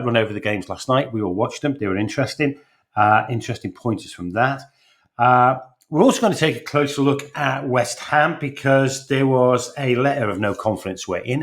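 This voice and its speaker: Male podcast host, chatty and jokey, loose delivery full of fillers. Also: medium pitch. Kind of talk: casual sports podcast chat.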